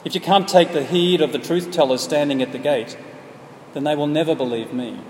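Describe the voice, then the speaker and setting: A man voicing a calm, kindly gardener who speaks gently but firmly. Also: a little high, fairly quick, close to an everyday voice. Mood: solemn. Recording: echoey hall, faint background noise.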